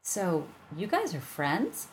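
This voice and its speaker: A woman reading aloud, voicing a boy in a higher, louder voice. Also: wildly swooping pitch, takes it slowly, slight background noise, full character voice. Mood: pleased. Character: boy, upset and excitable.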